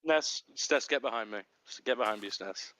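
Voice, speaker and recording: A man's voice: medium pitch, moderate pace, a bit bright, no echo. A man chatting over voice chat while gaming, hamming up a joking detective act. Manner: playful, mock-detective bit. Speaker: Minecraft server player.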